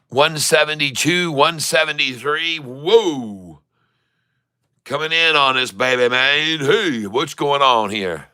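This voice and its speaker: A man's voice: fairly high pitch, sharp tone, clean tone. A middle-aged man giving live day-trading commentary, joking and rambling with showman asides to his viewers. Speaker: day trader streaming to viewers.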